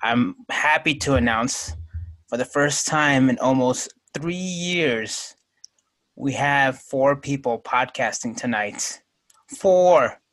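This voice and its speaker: A man's voice: medium pitch, slow pace, fairly bright tone. A man hosting and moderating a casual group podcast, joking and laughing often.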